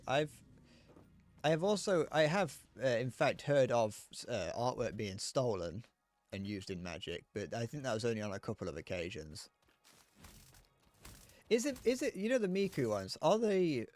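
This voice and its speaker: Male streamer, rambling and casual, lively up-and-down delivery, soft music bed. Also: medium pitch, no room sound. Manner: rambling, muttering to himself between remarks. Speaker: livestreamer. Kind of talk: casual chat while gaming.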